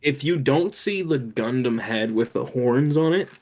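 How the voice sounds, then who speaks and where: A man's voice: mid-range voice, animated, unhurried. A man co-hosting a casual podcast over a voice call, ranting sarcastically and swearing often. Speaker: podcast co-host. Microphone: home mic on a voice call.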